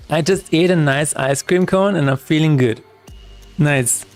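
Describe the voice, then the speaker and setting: A man's voice: a little high, a little mellow. Chatty man thinking aloud. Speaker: game developer streamer. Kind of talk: live-streamed coding chat.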